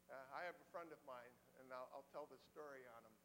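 A man's voice: medium pitch, a little fast, hardly any pauses, a bit bright. A man preaching a sermon in a conversational, emotional way, often repeating phrases for emphasis. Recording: long hall reverb with faint hum.

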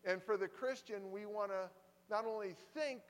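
A man preaching a sermon, telling stories with lively put-on voices and laughs. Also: sits high, moderate pace, big-room sound, poor audio.

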